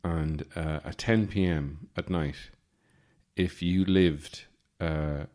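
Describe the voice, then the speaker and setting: An Irish man in his forties, hosting a podcast with a rambling, deadpan comic monologue full of fillers and restarts. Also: rumbling low, takes it slowly. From Ireland. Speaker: podcast host.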